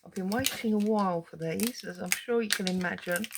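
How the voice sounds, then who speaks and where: A woman hosting a casual crafting vlog, giddy and excitable, chattering to herself at her craft desk as she unboxes a parcel. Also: mid-range voice, fairly quick, gravelly, very noisy. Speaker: crafting channel host.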